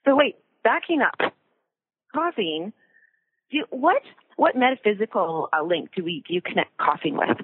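A woman's voice: medium pitch, very animated, moderate pace, husky, no echo. A woman co-hosting a casual talk show, chatty, laughing often and acting out little voices. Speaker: co-host. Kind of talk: casual chat. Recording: tinny phone line.

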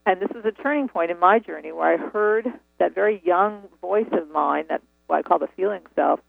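Gravelly woman on a phone line. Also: lowish voice, brisk, no echo. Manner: earnest, reflective storytelling. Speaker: author and guest. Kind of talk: phone interview. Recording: tinny dry phone line.

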